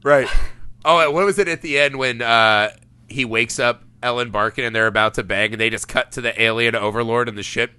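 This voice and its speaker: Podcast host, male, bright tense voice, dry close mic, excitable and sweary. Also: mid-range voice, brisk, smooth, no echo. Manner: animated, laughs often, swears casually. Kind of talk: casual podcast film chat.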